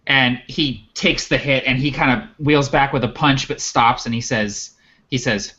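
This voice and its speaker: A man narrating as game master of a tabletop game in a relaxed storytelling way. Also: medium pitch, a little slow, breathy edge. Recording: dull lo-fi audio.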